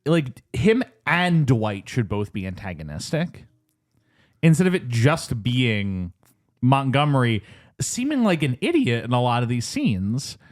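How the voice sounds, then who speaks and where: A man's voice: mid-range voice, very animated, measured pace. A man co-hosting a casual film-review podcast, rambling with restarts, lots of "like" and laughing asides. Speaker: podcast co-host.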